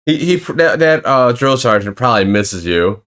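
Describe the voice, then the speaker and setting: A man's voice: medium pitch, big pitch swings, moderate pace, fairly bright tone. A man hosting a casual talk with laid-back, short remarks. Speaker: host. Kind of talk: casual chat.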